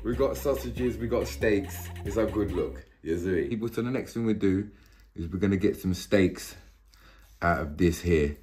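A man chatting casually to his viewers while cooking, slangy and laid-back with excitable bursts. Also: sits low, normal speed, soft background music. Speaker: cooking vlogger. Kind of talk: casual cooking vlog chat.

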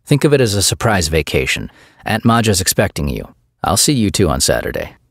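A man's voice: sits low, sing-song, brisk, no echo, studio quality, exaggerated voice. A man voicing a firm, protective middle-aged father who speaks in a stern, commanding way. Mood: gentle. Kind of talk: audiobook character voice.

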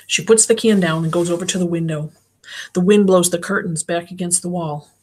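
A woman narrating a novel in the first person for an audiobook. Her delivery is plain and even, pitched on the low side. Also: fairly quick. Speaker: audiobook reader.

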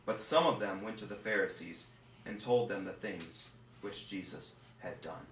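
Earnest pastor in an echoey room. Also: male voice, lowish voice, a bit bright, far from the mic. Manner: earnest, halting with repeated words. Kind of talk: scripture reading and sermon. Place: home room. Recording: roomy echo, voice from off-mic, faint room noise.

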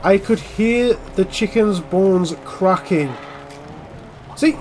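A young man giving casual, jokey commentary while playing a game, swinging between muttering and yelling. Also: sits high, slow, slight background noise. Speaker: gaming channel host.

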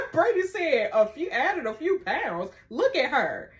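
A woman, casually reading a story game's dialogue aloud and reacting with animated, laughing asides. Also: high-pitched, a little slow. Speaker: narrating and reacting to a story game.

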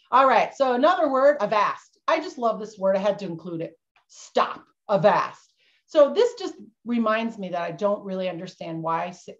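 A woman's voice: medium pitch, pitched below the performer's own voice, natural voice. A woman playing a bumbling, jittery male schooner captain who insists he isn't cursed, in a storytelling role-play for kids over a video call. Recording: dull lo-fi video-call audio.

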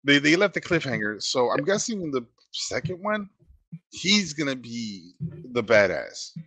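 Bright-voiced man in agreeable chat. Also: mid-range voice, very animated, unhurried, breathy edge, no room sound. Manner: agreeable, short backchannels, explains plot points. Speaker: podcast co-host reviewing a movie. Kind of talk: casual chat.

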